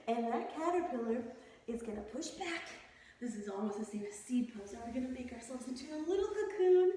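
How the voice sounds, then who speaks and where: High-voiced lady doing kids yoga, cheery and encouraging, echoey room, far from the mic. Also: expressive, fairly quick, warm tone. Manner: playful and encouraging, demonstrating poses as she talks. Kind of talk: guiding a children's yoga class.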